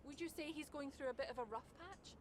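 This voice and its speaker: An actress playing a professional female reporter interviewing a driver in a video game, brisk and polished. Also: sits high, background noise, lightly acted.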